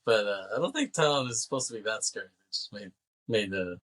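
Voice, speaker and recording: A man co-hosting a podcast, casually recapping a film's plot in a rambling, animated way and acting out characters' lines. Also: on the low side, brisk, poor audio. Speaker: podcast co-host. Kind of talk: casual movie recap chat.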